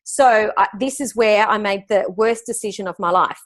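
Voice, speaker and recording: A woman's voice: medium pitch, normal speed. A middle-aged woman, a business coach answering interview questions in an upbeat, emphatic way over a video call. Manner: upbeat, emphatic, laughs easily.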